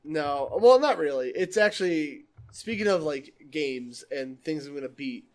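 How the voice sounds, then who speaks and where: A young man hosting a casual podcast, excitable and foul-mouthed, laughing often as he tells stories. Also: fairly high pitch, a little slow. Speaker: podcast host.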